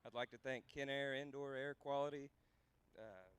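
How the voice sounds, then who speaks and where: Male driver from Texas, smooth mid voice, brief. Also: mid-range voice, steady tone, moderate pace, a bit bright. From Texas, USA. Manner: brief, listing sponsors. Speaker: race driver.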